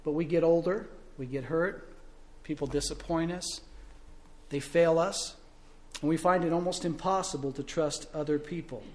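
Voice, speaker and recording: A male pastor preaching a sermon, telling stories and asking rhetorical questions, swinging between loud and soft. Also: fairly high pitch, normal speed.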